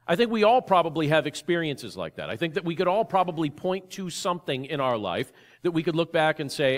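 A man's voice: fairly high pitch, lively intonation, quick pace. A man, a pastor, opening with a prayer and then preaching an earnest, conversational sermon full of rhetorical questions.

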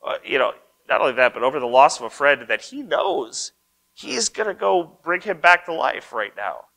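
A man pastor preaching a sermon in a conversational way. He reads scripture aloud, comments on it, and often adds a quick "right?" to check in with listeners. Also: fairly high pitch, sing-song, creaky, bright, forceful tone, poor audio.

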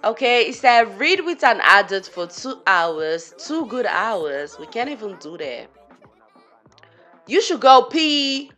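A woman's voice: on the high side, big pitch swings, slow pace, bright, forceful tone, faint music behind. A woman giving casual gameplay commentary, chatty and giggly, talking to her game characters as she plays. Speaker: gaming channel host.

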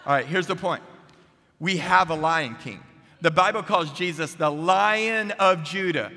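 A man preaching a chapel sermon, energetic and humorous, who keeps putting questions to the crowd. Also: on the high side, measured pace. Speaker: guest preacher. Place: seminary chapel. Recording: echoey chapel hall.

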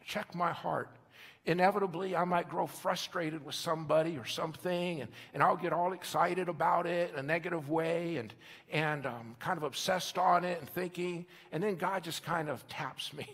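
A man preaching a sermon as a pastor, emphatic, repeating phrases and slowing down for key points. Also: fairly high pitch, lively intonation, vocal fry, fairly bright tone, breathy edge. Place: church sanctuary. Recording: long hall reverb.

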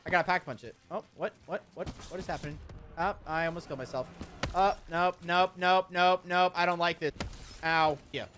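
A man giving casual gameplay commentary, excitable, often swearing and laughing at surprises. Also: sits high, fairly quick, soft background music. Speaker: gaming YouTuber.

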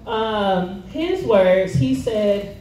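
A woman at a church service speaks extremely slowly in a dark, expressive, mid-range voice, giving a chatty sermon full of slang, fillers and easy laughter. Her voice is far from the mic in an echoey church hall with faint noise.

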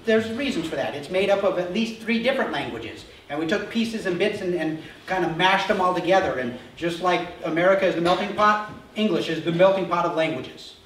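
A man's voice: sits high, a bit bright, a little hiss or hum. A male pastor preaching a conversational sermon who often asks the congregation questions, recorded in a church sanctuary. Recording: echoey church hall miked from far off.

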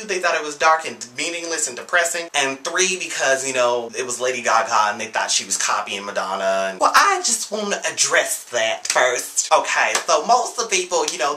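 Animated, sarcastic young male vlogger. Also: fairly high pitch. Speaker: vlogger answering viewer questions. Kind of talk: casual chat. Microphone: flip camera.

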